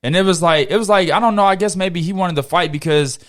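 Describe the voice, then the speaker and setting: A man hosting a podcast, telling a story in a casual, animated way and swearing freely. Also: high voice, quick pace. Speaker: podcast host.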